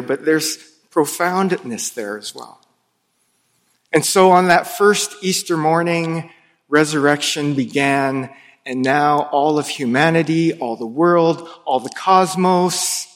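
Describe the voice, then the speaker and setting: Slow-preaching pastor in a reverberant hall. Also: male voice, on the high side. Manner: slow, dramatic storytelling with hushed pauses. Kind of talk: sermon. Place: church sanctuary. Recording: long reverb of a large hall.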